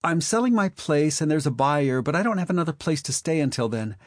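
A man's voice: on the high side, animated, a little fast, dry recording, clean studio sound, pitched above the performer's own voice, close to an everyday voice. A man putting on a petulant flirty gold-digger woman. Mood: flirty wheedling. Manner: sneering, wheedling, waspish. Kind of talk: audiobook character voice.

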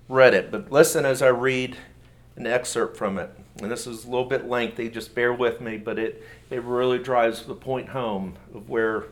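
A male pastor preaches with earnest conviction, his voice sitting in an ordinary middle range. He talks in a halting way, restarting and repeating words as he builds his points. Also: mid-range voice. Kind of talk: sermon.

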